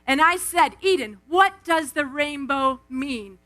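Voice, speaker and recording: A woman giving a lively devotional talk from an outdoor event stage, acting out quotes and calling on the crowd on a stage microphone. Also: high voice, slow, soft background music. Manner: animated, acts out quotes, calls on the crowd. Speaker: speaker at a live Christian event. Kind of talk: energetic devotional talk with storytelling.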